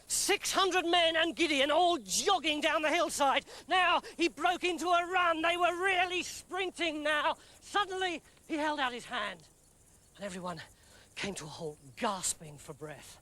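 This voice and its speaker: High-voiced man, playful comic storyteller, lively delivery. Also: a little slow.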